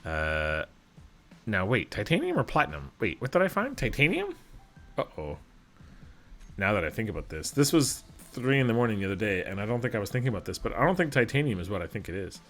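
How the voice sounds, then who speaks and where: A man from Alberta, Canada, chats through a gameplay session at his desk mic. He rambles and pokes fun at himself, and his voice sits a little low. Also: sing-song, quick pace, a bit bright, soft background music. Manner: rambling, self-deprecating, chatty. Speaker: gaming channel host. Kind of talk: casual gameplay commentary.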